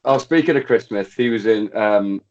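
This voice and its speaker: Rambling low-voiced man. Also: moderate pace, a little mellow, dull audio. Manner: rambling, searching for words, matey. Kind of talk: casual podcast chat.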